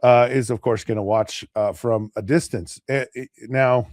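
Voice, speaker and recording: A man co-hosting a casual sports talk show, rambling with many restarts and acting out players and pundits in quick asides. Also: medium pitch, steady tone, darkish tone, no echo, studio quality. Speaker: podcast co-host.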